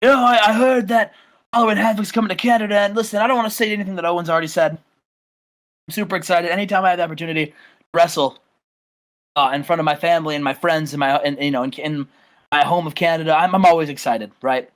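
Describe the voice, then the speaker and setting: A man voicing a proud, boastful male wrestling star cutting a rambling, halting promo in a game playthrough. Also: a little high, fairly even intonation, fairly bright tone, natural voice.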